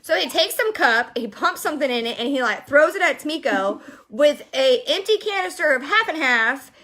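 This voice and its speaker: A young woman telling a story casually to her viewers, animated and exasperated as she vents. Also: high voice, moderate pace. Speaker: vlogger.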